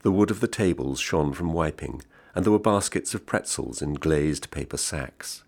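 A man reading a literary short story aloud in a measured, understated way. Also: rumbling low, animated, vocal fry, a little mellow. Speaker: reader.

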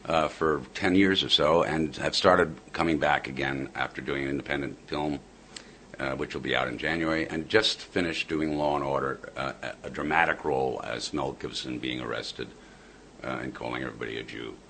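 A middle-aged man answering interview questions in a halting way, with frequent fillers and dry asides. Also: extremely low pitch, fairly even intonation, pushed and bright, slight background noise. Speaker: interview guest, comedian. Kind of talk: casual interview chat.

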